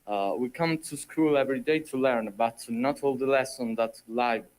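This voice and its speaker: A man's voice: medium pitch, normal speed, a little mellow. A teenage boy starts his prepared speech to his school. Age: teens. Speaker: student giving a prepared speech.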